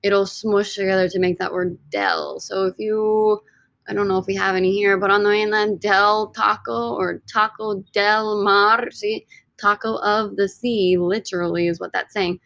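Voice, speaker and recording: Upbeat woman teaching Spanish, gravelly edge. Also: medium pitch, little pitch movement, moderate pace, a bit bright, dry recording. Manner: upbeat, addresses students directly, drills by repetition. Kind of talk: recorded video lesson.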